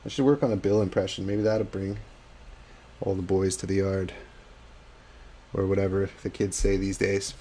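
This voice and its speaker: A man's voice: low-pitched, flat delivery, moderate pace, long pauses, warm tone, slight background noise. A man chatting casually on a hobby livestream while painting miniatures, reading out chat and joking at his own expense. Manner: chatty, self-deprecating, reads chat aloud.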